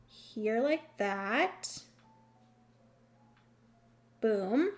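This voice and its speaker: Streamer host: chatty woman at home, somewhat high voice, unhurried delivery, easygoing commentary. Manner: chatty, fills with hums and ums. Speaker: board game streamer. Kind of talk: casual livestream commentary.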